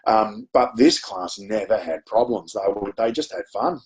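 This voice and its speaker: A man's voice: on the low side, a little slow. A man with an Australian accent presenting a webinar, telling a chatty, self-deprecating classroom story with frequent ums. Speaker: education presenter.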